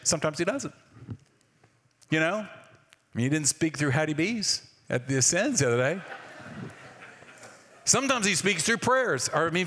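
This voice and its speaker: A pastor preaches a sermon conversationally, often putting questions to the congregation. His voice sits on the high side and sounds a bit bright, echoing through a reverberant church hall.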